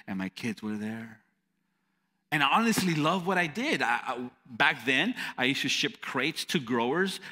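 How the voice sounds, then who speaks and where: A man's voice: fairly high pitch, bright, forceful tone. A male pastor preaching a sermon, telling stories animatedly and asking the crowd questions. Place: church hall. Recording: long church hall reverb.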